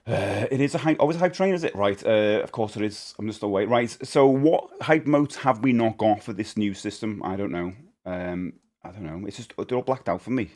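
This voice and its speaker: A man's voice: lowish voice, brisk, hardly any pauses, darkish tone. A man chatting casually on a live game stream, jokey and talkative as he greets his chat by name. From England.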